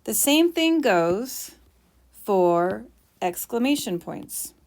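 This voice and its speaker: A woman's voice: medium pitch, big pitch swings, drawn-out words. A woman teacher explaining punctuation while writing, with playful mock bragging asides.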